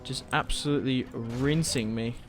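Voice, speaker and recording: A man's voice: medium pitch, fairly even intonation, moderate pace, faint music behind. A man giving casual, thinking-aloud commentary on a strategy game he is playing, and swearing when things go wrong. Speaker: gaming channel host.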